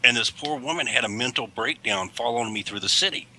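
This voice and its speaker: A man's voice: medium pitch, fast, pushed and bright. A man who drives a school bus, telling rambling stories in a casual livestream chat and correcting himself as he goes. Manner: rambling, self-correcting anecdotes.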